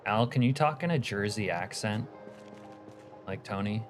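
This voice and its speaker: This young American man streams a game and chats loosely, rambling as he answers his chat. His voice sits fairly low and moves a little slowly, with soft music playing behind him.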